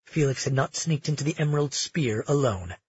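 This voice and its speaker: Husky male audiobook narrator. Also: mid-range voice, animated, fairly quick, no room sound, lo-fi sound. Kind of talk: scripted fantasy narration.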